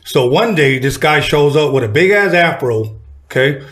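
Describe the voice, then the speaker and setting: A man hosting a casual talk, telling a story with animated delivery and acting out the voices of people in it. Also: normal speed. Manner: animated, acts out quoted voices with jumps in pitch. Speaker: podcast host telling a story.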